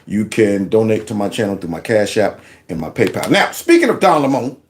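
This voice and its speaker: A man's voice: lowish voice, very animated, fairly quick, slight background noise. A man hosting a casual political commentary show, folksy and mocking, with lots of asides. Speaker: show host.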